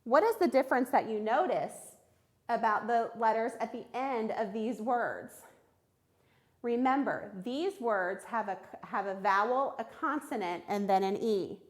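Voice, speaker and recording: A woman teaching a recorded phonics lesson to young children, sounding out words clearly and praising answers. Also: on the high side. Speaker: third grade reading teacher.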